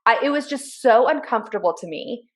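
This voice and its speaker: A woman in her thirties co-hosting a podcast, telling personal stories in an earnest, animated way. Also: fairly high pitch, fairly quick. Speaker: podcast co-host. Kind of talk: casual chat.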